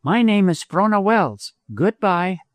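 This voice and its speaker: A man voicing a bold, self-assured young woman on the trail, brisk and commanding. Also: high-pitched, expressive, no room sound, clean studio sound, pitched above the performer's own voice.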